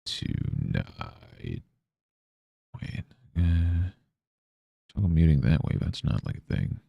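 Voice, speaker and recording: A man's voice: rumbling low, very animated, slow, gravelly, no echo, dull audio. A man streaming, grumbling, swearing and muttering to himself about his setup. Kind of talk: casual livestream chatter.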